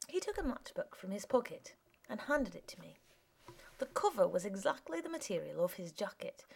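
A woman reads a first-person story aloud in a measured way. Her voice often drops soft. It sits at a middle pitch and carries a gravelly fry. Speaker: narrator.

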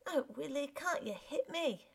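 A woman voicing a desperate, destitute young woman who pleads in a high, strained voice. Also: expressive, a little slow, gravelly, exaggerated voice. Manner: pleading, breaking, high-strung.

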